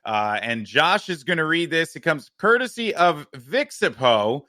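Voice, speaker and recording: Chatty podcast guy doing the plugs, bouncy pitch, crisp bright tone. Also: unhurried, no echo, clean studio sound. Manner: lively, jokey, reads out plugs. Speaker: podcast co-host. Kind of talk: casual podcast chat.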